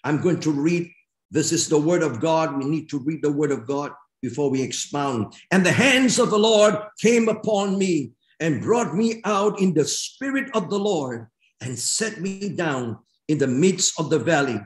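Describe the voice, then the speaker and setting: Older pastor, high-pitched man, emphatic sermon with dramatic pauses, roomy hall sound. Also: lively intonation. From Malaysia. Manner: emphatic, slow dramatic phrasing. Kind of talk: sermon with scripture reading. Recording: echoey church hall.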